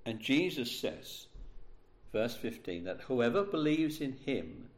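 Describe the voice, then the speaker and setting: Man, preacher, sermon, emphatic, deliberate stresses, echoey church hall. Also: medium pitch, sing-song. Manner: emphatic, slows and stresses key words. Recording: roomy echo.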